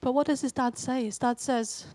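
A woman preaching a sermon in a conversational storytelling manner, growing animated when she acts out quotes. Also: high voice, normal speed, dry recording.

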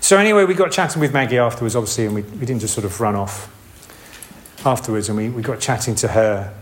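A man's voice: mid-range voice, quick pace, a little hiss or hum. Casual male preacher, rambling sermon, mid-range voice. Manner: conversational, rambling with restarts and asides. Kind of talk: informal sermon.

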